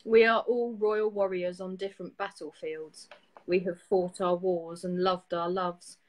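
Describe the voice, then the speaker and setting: Low-voiced woman hosting a poetry show. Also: rough recording. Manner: steady, even reading with quick laughs in chat. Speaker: host. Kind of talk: casual chat and reading poetry aloud.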